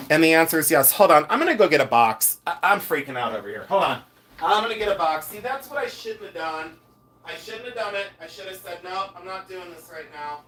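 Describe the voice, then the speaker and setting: A man from Ohio chats loosely on a jewelry livestream, in a somewhat high voice. He rambles and gets excitable, breaking off to talk to the chat. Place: his office.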